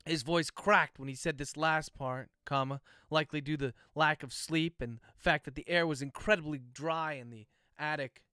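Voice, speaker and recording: An author livestreams himself dictating his novel, saying each comma and period out loud and chatting loosely with viewers between passages. His slightly high voice is bright, forceful and clean in tone, steady, at a moderate pace with few pauses. It's studio-quality audio with no room sound.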